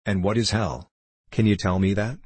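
A man's voice: fairly low pitch, fairly even intonation, moderate pace, a little mellow, breathy edge, no echo. A man voicing a stern, severe clergyman who questions a child solemnly in a storybook reading. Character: stern severe male clergyman, tall and grim.

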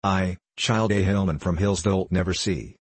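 Old gentle lama, formal old-fashioned talk, low husky tone, read by a man. works for an audiobook. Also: fairly even intonation, no echo. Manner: slow, formal, archaic speech.

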